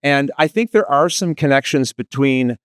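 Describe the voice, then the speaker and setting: A man with a Maritime Canadian accent giving a lively conference panel talk, joking with the audience and asking them questions. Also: medium pitch, normal speed, clean tone, no room sound, studio quality. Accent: East Coast Canadian, Maritimes. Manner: lively, self-deprecating, asks the audience questions. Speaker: panel presenter, tutorial video creator.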